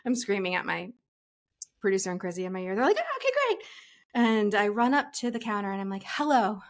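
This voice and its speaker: A woman in her forties, a casting director on a podcast, telling a story with lively energy and acting out the voices of the people in it. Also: mid-range voice, fast talker. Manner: breathless storyteller, acts out quoted voices, frequent laughs. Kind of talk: animated anecdote telling.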